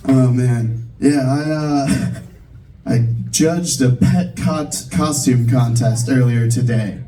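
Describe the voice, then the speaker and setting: A young man works a comedy club crowd in a loose, self-mocking stand-up set, dropping fillers as he goes. His voice is mellow and sits at an ordinary pitch. The mic catches him from a distance across the room. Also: takes it slowly, a little hiss or hum.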